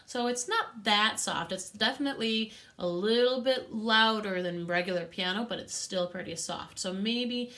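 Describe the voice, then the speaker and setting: A woman's voice: medium pitch, moderate pace, hardly any pauses, fairly bright tone. A woman teaching a music lesson to young children, patient and encouraging, with a sing-song teacher manner.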